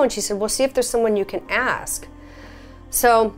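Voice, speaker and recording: A woman's voice: mid-range voice, lively intonation, fairly quick, soft background music. A woman recounting a personal experience in a conversational, filler-heavy way, her voice leaping up when she relives quoted moments. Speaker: experiencer sharing her story. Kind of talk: personal testimony.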